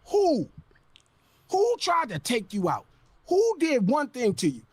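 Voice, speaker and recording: A man on a podcast ranting loudly and incredulously, with heavy swearing. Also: extremely high pitch, huge pitch swings, slow, husky, dry recording. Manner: loud, profane, incredulous ranting. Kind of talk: heated podcast rant.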